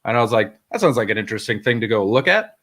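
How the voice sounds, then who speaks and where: A man co-hosting a casual stream chat, telling stories in a measured, thoughtful way with hesitant fillers. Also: lowish voice, sing-song, fairly bright tone. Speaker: co-host.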